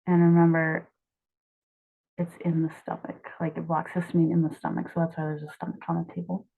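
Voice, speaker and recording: Low-voiced young woman explaining drawings. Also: completely flat delivery, a little fast, vocal fry, slightly rough. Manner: chatty, self-correcting, offhand asides. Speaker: student explaining drug mnemonics. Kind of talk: casual walkthrough of her own drawings. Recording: tinny phone-like sound.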